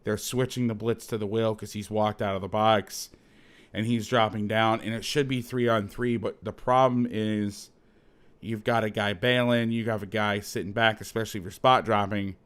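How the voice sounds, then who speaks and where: A man's voice: on the low side, steady tone, moderate pace, fairly bright tone, clean tone. A man hosting as a football coach, breaking down game film in a heated, profane, emphatic way, repeating his points.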